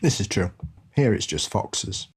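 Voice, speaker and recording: A man's voice: lowish voice, animated, unhurried, breathy edge. A man from England co-hosting a podcast, bantering casually and laughing a lot. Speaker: podcast co-host. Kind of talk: casual chat.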